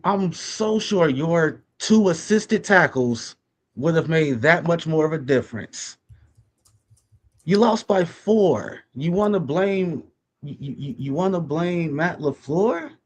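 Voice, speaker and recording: A man's voice: fairly high pitch, expressive, takes it slowly. A man co-hosting a sports podcast, ranting with profanity and repeating himself for emphasis. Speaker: podcast co-host. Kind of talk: heated sports talk.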